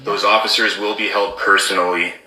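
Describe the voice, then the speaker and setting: A man's voice: fairly low pitch, level tone, a little fast, reverberant, a crowd in the background, low-quality recording. A man explaining rules in an emphatic commentary, stressing key words and checking in with "okay?". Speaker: former border officer commentator.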